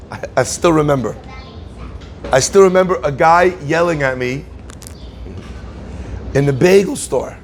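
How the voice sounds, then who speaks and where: A male rabbi delivers a Torah class as a lively storyteller, slipping into the voices of the people in his tale. His voice sits a little high and carries a gravelly rasp. A faint noise runs under the recording. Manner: storytelling, conversational, acts out quotes.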